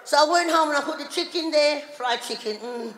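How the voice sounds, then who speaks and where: High-voiced woman doing live stand-up. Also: fairly quick, a little hiss or hum. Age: middle-aged. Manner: loud, animated storytelling with voiced characters. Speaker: stand-up comedian. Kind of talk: stand-up comedy routine. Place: town hall stage. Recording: live in a reverberant hall.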